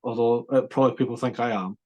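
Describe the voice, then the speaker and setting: A man co-hosting a podcast, chatting about sport in an animated, emphatic way with quick restarts. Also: medium pitch. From Scotland. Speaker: podcast co-host. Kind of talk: casual sports chat.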